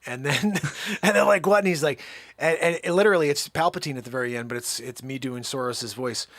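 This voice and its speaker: A man hosting a casual chat in a playful, animated way. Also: mid-range voice, brisk, no room sound. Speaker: host.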